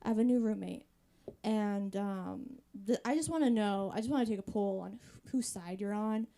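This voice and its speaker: A woman's voice: medium pitch, normal speed, mellow. A woman in her thirties doing a chatty, wry stand-up set on a comedy club stage. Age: 30s. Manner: conversational, wry, chatty with the audience.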